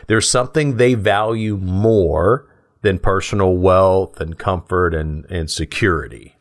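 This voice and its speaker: A man co-hosting a podcast, explaining ideas in a measured, thoughtful way and laughing easily. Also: low voice. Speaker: podcast co-host.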